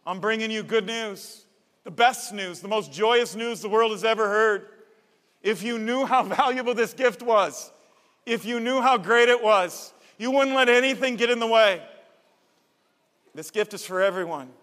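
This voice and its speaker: A man's voice: high voice, normal speed, a bit bright, long reverb tail, pitched above the performer's own voice. A man voicing a bold male angel messenger who speaks with emphatic, rising urgency. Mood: exultant.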